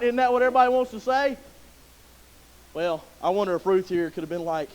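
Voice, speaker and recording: A man delivers a sermon from a church pulpit. His voice sits high, and he talks to the congregation in a folksy, joking way before climbing into loud, emotional pleading. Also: expressive, a little fast, long pauses, poor audio. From Southern US. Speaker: pastor. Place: church sanctuary.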